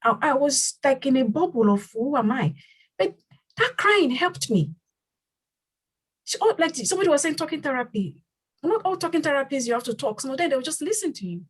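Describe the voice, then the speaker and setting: A woman's voice: sits high, big pitch swings, brisk, poor audio. A woman who leads her community and hosts a panel discussion. She speaks earnestly and repeats phrases for emphasis. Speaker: community leader and host.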